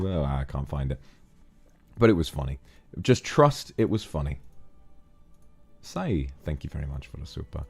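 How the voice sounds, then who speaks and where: A man's voice: a bass voice, normal speed, vocal fry, long pauses, breathy edge, soft background music. A man with a British accent chatting casually on a stream, reading donations, rambling and laughing often. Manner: relaxed, rambling, laughs often, hums to himself.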